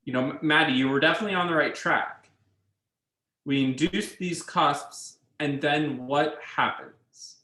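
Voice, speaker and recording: A man's voice: on the high side, unhurried, bright, forceful tone, roomy sound, low-quality recording. A man teaching a university class, explaining ideas step by step and checking in with his students. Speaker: university instructor. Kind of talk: classroom lecture.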